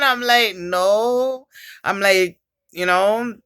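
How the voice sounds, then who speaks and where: Jamaican woman vlogger, casual rambling chat, unhurried delivery. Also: mid-range voice, a bit bright, clear, resonant tone. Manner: chatty, rambling storyteller with frequent swearing and laughter.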